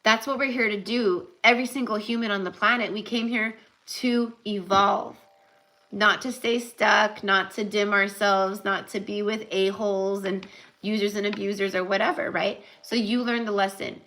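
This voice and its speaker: A young woman with a bright, forceful voice talks through a live tarot reading. She rambles casually, full of "like" and "um", then slows right down to press a spiritual point home. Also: mid-range voice, fairly even intonation, rough recording. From California. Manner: chatty, rambling, many fillers and "like". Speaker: tarot reader.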